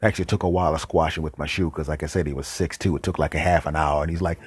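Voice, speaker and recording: A man hosting a podcast, telling a comic story in a deadpan way with dramatic pauses and whispered asides. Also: deep voice, slightly rough, no echo. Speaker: podcast host.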